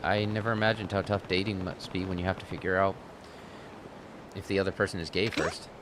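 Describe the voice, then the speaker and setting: A man's voice: low voice, level tone, fairly quick, background noise, voice pushed down, natural voice. A man reading a curt, stern game hero. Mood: dry. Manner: curt and dry.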